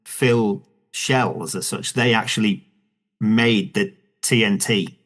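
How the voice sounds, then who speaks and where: A man's voice: on the low side, slow, a bit bright. A man with a Yorkshire accent, an author talking casually as a podcast guest, rambling with many restarts and fillers. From Northern England. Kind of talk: conversational interview.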